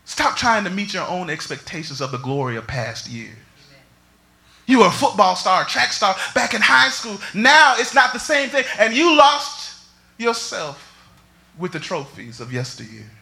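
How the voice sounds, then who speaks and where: A man preaching a sermon, swinging between shouts and near whispers. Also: high-pitched, very animated, a little slow, creaky. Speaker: pastor.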